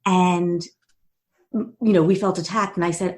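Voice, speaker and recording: A woman guest on a podcast interview, telling a personal story with quick bursts, restarts and laughs. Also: lowish voice, fairly even intonation, darkish tone. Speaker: guest, author and CEO.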